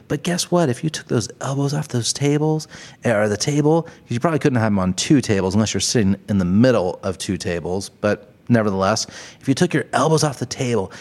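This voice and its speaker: A man hosting a podcast, ranting in a casual, comedic way, swearing often and laughing at his own jokes. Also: medium pitch. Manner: profane, laughing, exaggerated ranting. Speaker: podcast host.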